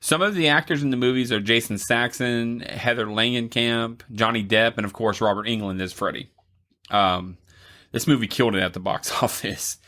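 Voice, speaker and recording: A man's voice: medium pitch, steady tone, normal speed, pushed and bright. A man co-hosting a podcast in casual chat, easygoing and teasing, reading out film facts. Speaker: podcast co-host.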